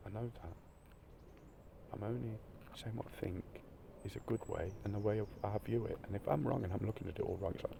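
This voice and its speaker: Crying as he speaks, a man delivers a meandering, emotional monologue laced with profanity, his volume lurching from shouts to near-whispers. The voice is fairly low and gravelly, slightly quick, set against a noisy background.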